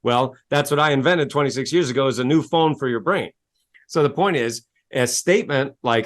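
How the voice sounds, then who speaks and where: A man's voice: mid-range voice, brisk. Salesy self-help coach, man. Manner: salesy, spells words out, acts out quotes. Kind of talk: enthusiastic storytelling interview talk.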